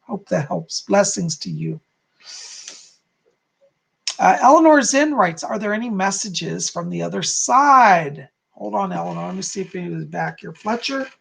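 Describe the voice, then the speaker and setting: Gravelly guy doing live psychic readings, chatty and reassuring, keeps saying okay?. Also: high voice, lively intonation, normal speed, fairly bright tone. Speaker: psychic host.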